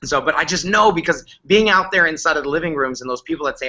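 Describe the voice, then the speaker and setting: A man giving an upbeat business presentation, excited and repetitive, his voice worn and going hoarse. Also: on the high side, fast, lo-fi sound, slight background noise. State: losing his voice. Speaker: company leader on a recap call.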